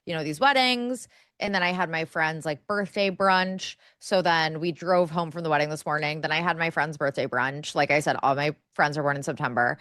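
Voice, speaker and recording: Young woman, podcast co-host, rambling casual chat, slightly low voice, very dry close sound. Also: normal speed, a bit bright, dry recording. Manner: chatty, rambling, lots of fillers.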